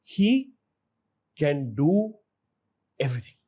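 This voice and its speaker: A man hosting an interview, leading questions, offering his own views and quick "hmm"s and "right?"s. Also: on the high side, big pitch swings, mellow, slightly rough. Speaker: interview host. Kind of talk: conversational interview.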